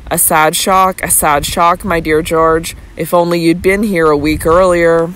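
A man's voice: a little high, flat delivery, a little slow, a bit bright, clear, resonant tone. A man reading the part of a fussy, shabby-genteel old man with a timid, placating manner.

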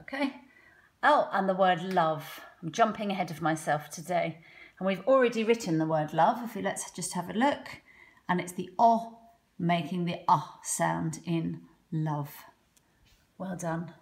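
Woman, primary teacher, low voice, very slow and patient delivery, sounds words out letter by letter. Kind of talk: phonics lesson for children. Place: home.

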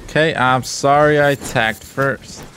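A man's voice: medium pitch, steady tone, unhurried, a bit bright, slight background noise. A young man giving casual commentary over his gameplay, often frustrated and swearing to himself. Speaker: gamer streamer.

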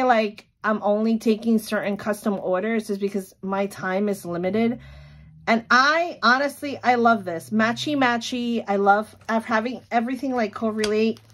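Chatty, giggly woman vlogger. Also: on the high side. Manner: chatty, giggly, lots of fillers. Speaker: small sticker shop owner. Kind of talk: casual vlog chat. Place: home.

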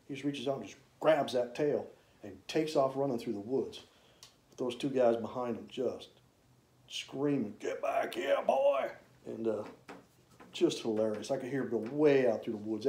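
A man, casually telling rambling, folksy stories about his old hunting camps, with drawn-out "uh" fillers. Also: mid-range voice, warm tone. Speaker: hunter reminiscing. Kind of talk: casual storytelling. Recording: roomy echo.

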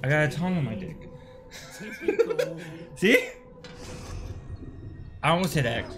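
A man streaming a video game with a friend, cursing, yelling at enemies and giggling through rambling asides. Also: fairly high pitch, takes it slowly. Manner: excitable, yells and curses at the game. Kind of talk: casual gaming stream chat.

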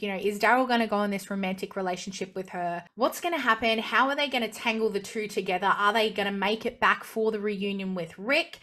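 A woman's voice: on the high side, a bit bright. A young woman vlogging a casual review of a TV series finale, gushing with enthusiasm as a fan.

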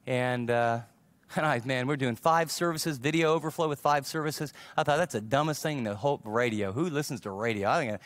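A man's voice: mid-range voice, fairly quick, no room sound. A middle-aged male pastor preaching a sermon, telling personal stories and acting out the dialogue in them. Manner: animated storyteller acting out quoted dialogue. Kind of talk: sermon storytelling.

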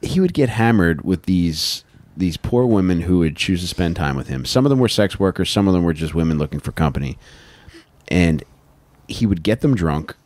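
Young man, podcast host, very deep voice, animated delivery, laid-back profane storytelling. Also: moderate pace, no room sound. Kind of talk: comedic true-crime storytelling.

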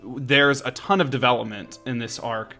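A man's voice: medium pitch, fairly even intonation, normal speed, vocal fry, pushed and bright, faint music behind. A man co-hosting a podcast in casual discussion, thoughtful and searching for his words. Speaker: podcast co-host.

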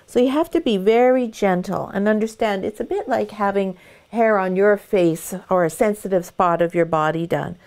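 A middle-aged woman, a dog breeder, giving a gentle, calm demonstration of how to groom a puppy. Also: medium pitch, normal speed. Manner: sing-song baby talk to the puppy.

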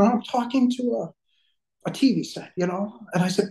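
A middle-aged man, a podcast guest, telling a deeply personal story, emotional and near tears, his voice breaking with halting restarts. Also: dark tone, roomy sound, low-quality recording.

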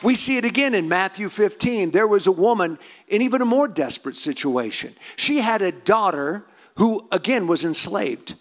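A man preaching a sermon in a high voice that swoops up and down. He presses into fervent, near-shouted emphasis as he exhorts his congregation. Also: lively intonation, moderate pace. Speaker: pastor.

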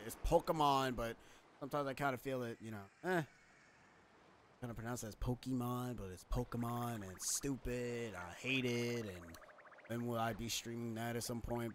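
A man's voice: medium pitch, fairly bright tone, a little hiss or hum. A man casually commenting while playing a game on a live stream, chatty and rambling, with wry asides. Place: home streaming setup. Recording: game music playing behind.

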